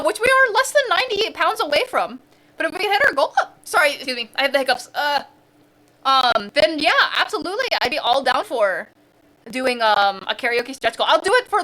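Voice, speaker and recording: A woman's voice: high-pitched, sharp tone. A woman from the central United States chatting casually on a live stream, bubbly and giggly, with sudden squeals.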